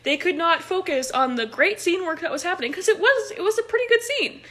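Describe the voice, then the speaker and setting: Young female improv coach, bright and sharp, casual and filler-heavy, talking into a phone. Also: very high voice, lively intonation, brisk. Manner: chatty, laughs often, many "like" fillers. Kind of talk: casual livestream talk.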